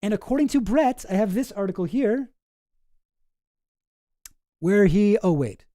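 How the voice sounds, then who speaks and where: Studio-quality audio without room sound captures a measured, warm, animated mid-range voice. This streamer's casual commentary is rambling and profane, sometimes sarcastic, and often abandoned mid-sentence.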